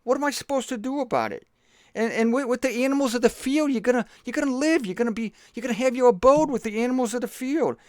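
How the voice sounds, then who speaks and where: A man's voice: very high voice, animated, fast talker, a little mellow, no room sound, clean studio sound, pitched above the performer's own voice. A man voicing a fretful heavenly messenger who stammers, rambles and keeps apologizing. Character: nervous fretting male heavenly messenger.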